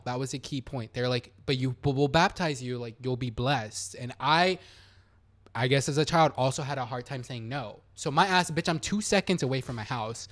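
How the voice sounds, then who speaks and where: A young man hosting a podcast, telling a childhood story in casual chat, animated and swearing, acting out the people he quotes. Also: medium pitch, normal speed. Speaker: podcast host.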